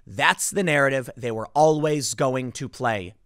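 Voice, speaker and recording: A man's voice: mid-range voice, a little slow, a bit bright, no echo, clean studio sound. A man hosting casual political commentary, emphatic and exasperated in how he talks.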